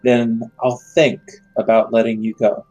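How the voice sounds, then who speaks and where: A man voicing a threatening male mercenary rogue who speaks slowly and with measured menace. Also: mid-range voice, flat delivery, dark tone, dull audio, faint music behind, natural voice. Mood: menacing.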